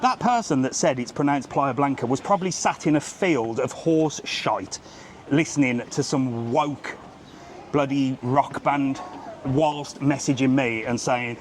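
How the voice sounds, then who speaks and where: Unhurried and medium-pitched, a British man livestreams a walk-and-talk travel vlog along a crowded resort strip, faint street noise in the background. He greets passersby while ranting bluntly and swearing in a casual way.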